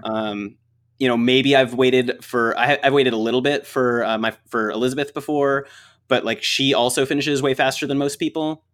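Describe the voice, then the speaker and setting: Man, casual podcast chat, filler-heavy, frequent laughter, lively storytelling. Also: medium pitch, moderate pace.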